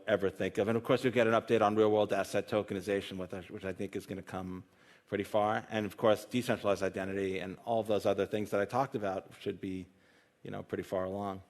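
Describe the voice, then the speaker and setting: A man on a conference stage answering questions and telling jokes, talkative and self-deprecating. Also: on the low side. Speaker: tech executive on a conference panel. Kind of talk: live conference Q&A and joke telling. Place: conference stage with live audience.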